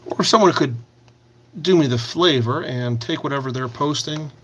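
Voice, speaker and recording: A man's voice: mid-range voice, normal speed, background noise. A man hosting a casual livestream, reading out and answering viewer comments while he works on a craft project. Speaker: livestream host.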